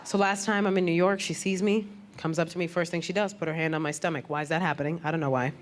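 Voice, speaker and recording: A woman comedian doing a stand-up set, brash and animated, landing blunt punchlines. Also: on the low side, quick pace. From Puerto Rican heritage. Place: comedy stage before a crowd. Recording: live club with loud audience laughter and noise.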